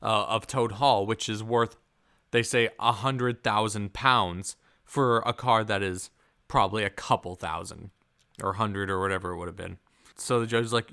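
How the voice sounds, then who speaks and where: A man's voice: on the low side, steady tone, normal speed, vocal fry, sharp tone, smooth. A man casually reviewing a film, rambling with many fillers and puzzled rhetorical questions. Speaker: movie reviewer.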